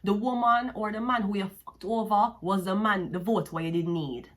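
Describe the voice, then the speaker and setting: A woman's voice: mid-range voice, normal speed, a bit bright. A woman with a Jamaican accent giving a tarot reading, cursing and mocking the listener as she talks. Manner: profane, mocking and sassy, with frequent laughs. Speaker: tarot card reader.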